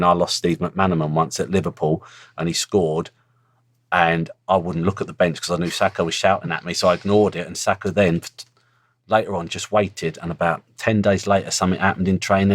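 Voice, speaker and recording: Blunt middle-aged ex-pro, very low voice, close dry sound, casual storyteller. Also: male voice, no room sound. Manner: blunt, earthy storytelling with swearing. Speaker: former footballer, guest. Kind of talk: casual interview chat.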